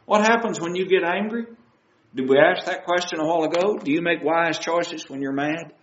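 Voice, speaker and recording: A man's voice: fairly high pitch, moderate pace, echoey room, highs cut off, slight background noise. A man preaching a sermon, asking his listeners question after question. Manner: asks the audience many questions.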